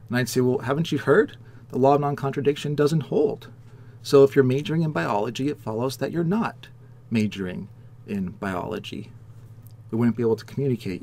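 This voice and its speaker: A man's voice: lowish voice, darkish tone. A man lecturing on philosophy, explaining with worked examples and rhetorical questions. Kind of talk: recorded lecture.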